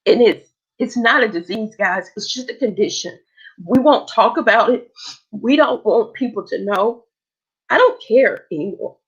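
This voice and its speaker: A woman's voice: fairly high pitch, normal speed, slightly rough. Female livestream host, heartfelt and emotional, casual chat on dull lo-fi audio. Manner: emotional, heartfelt, talks straight to viewers.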